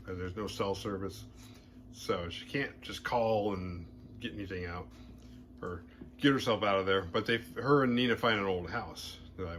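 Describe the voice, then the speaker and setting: Running through a horror film's plot on his podcast, a man sounds relaxed, animated, and playfully crude. His voice is lowish at a moderate pace, with a bit of hiss or hum.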